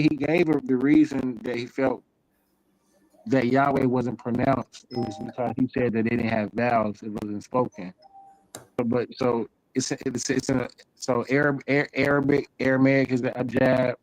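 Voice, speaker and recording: A man's voice: mid-range voice, darkish tone, no echo, low-quality recording. A man as a guest in a casual streamed discussion, asking questions in a hesitant way with many restarts.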